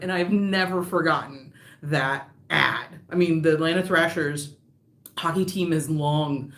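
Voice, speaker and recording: A woman's voice: deep voice, fairly bright tone, roomy sound. A woman who designs knitting patterns, hosting a live stream in casual chat that wanders off on tangents, laughing often.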